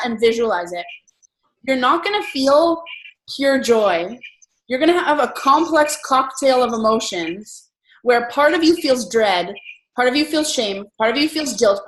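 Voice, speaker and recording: Chatty woman host, fairly high voice, lots of fillers, echoey room. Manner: chatty and animated, with frequent fillers. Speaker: host of an entrepreneur meetup. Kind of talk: casual group chat.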